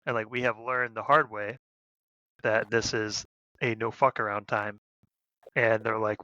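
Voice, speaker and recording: A man's voice: on the low side, steady tone, unhurried, long pauses, sharp tone, no room sound, highs cut off. A man in a casual podcast chat, blunt and emphatic about combat.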